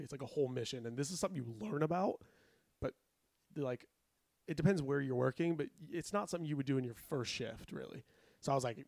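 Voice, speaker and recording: A man's voice: medium pitch, fast talker, gravelly, no echo. A man telling a long story in casual chat, acting out the people he quotes. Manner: animated, acts out quotes with raised voice. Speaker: podcast guest telling a story.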